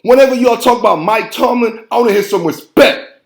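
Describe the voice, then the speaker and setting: Hyped-up guy ranting football, high voice, echoey room, keeps saying man. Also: a little fast, vocal fry. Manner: fired-up, preachy, repeats phrases and says "man" constantly. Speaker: sports show host. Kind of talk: heated football commentary.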